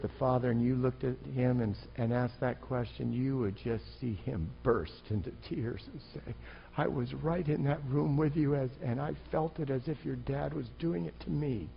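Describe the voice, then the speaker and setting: A man's voice: medium pitch, moderate pace, creaky, dull audio, slight background noise. A man preaching an impassioned, emphatic sermon as a pastor.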